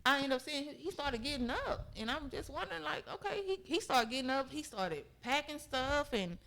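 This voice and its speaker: A woman's voice: sits high, very animated, a little fast, vocal fry, fairly bright tone, a little hiss or hum, low-quality recording. A young woman talking as a podcast guest, telling a personal story in an earnest, emphatic way and often checking in with her listeners. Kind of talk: conversational storytelling.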